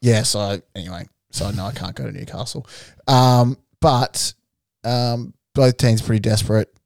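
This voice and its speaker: A man's voice: medium pitch, steady tone, unhurried, vocal fry, a little mellow, dry recording. A young man in casual studio chat, laid-back and teasing his co-host in a dry way. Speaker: podcast co-host.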